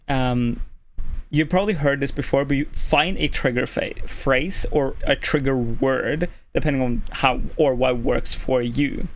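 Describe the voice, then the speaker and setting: A streamer from Norway with a male-sounding voice, casually explaining voice tips at a desk mic, keeping the voice relaxed and filling pauses with "like". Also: mid-range voice. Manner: relaxed, deliberately easy on the voice, lots of "like" fillers. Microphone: desk microphone.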